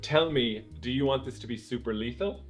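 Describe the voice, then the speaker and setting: A man's voice: medium pitch, a little fast, soft background music. A man narrating as game master, loose and chatty with lots of filler words.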